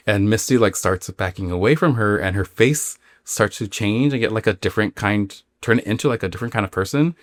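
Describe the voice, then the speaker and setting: A man with a low voice hosts a spooky podcast, retelling a listener's dream story in a loose, chatty way. He rambles and leans on fillers, and the recording is close and dry. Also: fairly quick, hardly any pauses, no room sound. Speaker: podcast host.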